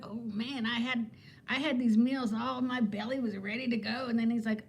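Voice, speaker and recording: A woman's voice: fairly high pitch, steady tone, moderate pace, slightly rough. A woman in her fifties who is a weight-loss vlogger, chatting casually with viewers on a livestream in a rambling way and laughing often. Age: 50s.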